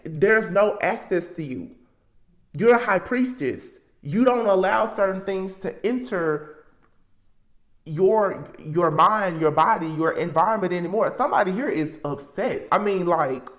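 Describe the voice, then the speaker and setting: A woman's voice: medium pitch, lively intonation, moderate pace. Emphatic woman reading tarot, roomy echo. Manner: emphatic, repetitive, thinking aloud. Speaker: tarot reader. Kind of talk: casual spoken tarot reading.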